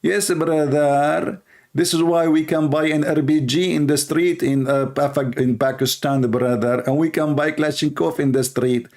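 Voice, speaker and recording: A man's voice: fairly high pitch, steady tone, darkish tone, lightly acted. A man mimicking a mock-earnest, sarcastic boaster. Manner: sarcastic, drawn-out, repeating "brother". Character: mock-earnest man insisting his violent country is peaceful.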